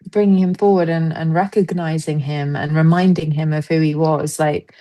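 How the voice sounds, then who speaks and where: In a casual interview chat, a woman who works as a stage actress talks as a podcast guest in a low voice at normal speed. Telling her stories with animation, she voices the people she quotes.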